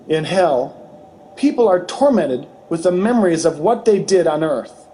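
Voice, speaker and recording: A man narrating a testimony in a measured, earnest storytelling manner. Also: a little high, lively intonation, dark tone, a little hiss or hum, poor audio. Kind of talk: slow testimony reading.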